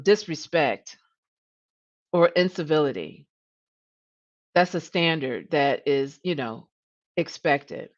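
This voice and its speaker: A woman's voice: lowish voice, highs cut off. A woman coach hosting a live-streamed coaching talk, earnest, often repeating words and saying "you know". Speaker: leadership coach and host.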